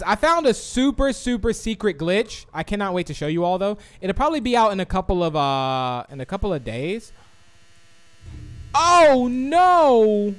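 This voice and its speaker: A man hosting a live game stream, excitably commenting and reading viewers' chat aloud. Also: sits high. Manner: excitable, reads chat aloud, swings from shouts to mumbles. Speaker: livestream host.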